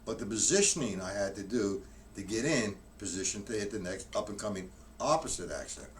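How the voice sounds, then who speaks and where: A man with a low voice teaches drums on a live stream, counting each stroke aloud and explaining in a loose, rambling way. He sounds distant from the mic, and loud drum hits come through. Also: expressive, brisk, very noisy. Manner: rambling, with frequent restarts. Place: room with drums.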